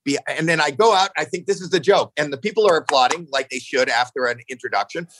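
A man in his sixties telling stories casually on a podcast, animated, jumping into acted-out quotes, swearing freely, often restarting his sentences. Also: fast talker, noisy background. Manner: animated, acts out quotes with jumps in pitch. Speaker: podcast guest. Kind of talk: casual storytelling chat.

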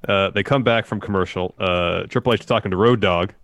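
A man's voice: sits low, a little fast, a bit bright, no echo. A man co-hosting a podcast, joking in casual chat and reading quotes aloud as he recaps a show. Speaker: podcast co-host.

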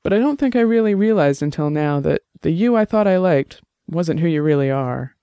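A man's voice: on the high side, expressive, a little fast, dark tone, smooth, no room sound, studio quality, voice pushed up. A man voicing a sly, forgiving middle-aged woman in an audiobook drama, with a teasing, earnest manner.

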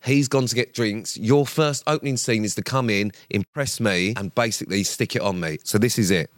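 Male podcast co-host, teasing and mock-serious, low and dry. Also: brisk, no echo. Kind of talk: casual chat.

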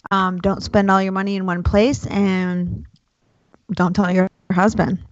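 A woman's voice: mid-range voice, little pitch movement, measured pace, dry recording. A woman hosting a podcast, playful and casual, swearing now and then. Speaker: podcast host. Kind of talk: casual chat, show sign-off. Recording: dull, dry recording.

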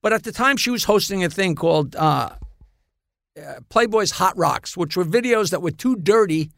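A man spins rowdy anecdotes in a high, gravelly voice. He gets animated and breaks into laughter at his own punchlines. The sound is close and dry. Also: moderate pace, dry recording. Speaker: guest comedian. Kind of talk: casual storytelling.

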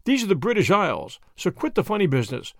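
A man's voice: high voice, huge pitch swings, fast talker, gravelly, no echo, clean studio sound, pitched above the performer's own voice, heavily acted. A man voicing a brash, impatient businessman in his thirties with an American accent. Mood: blunt. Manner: blunt, impatient.

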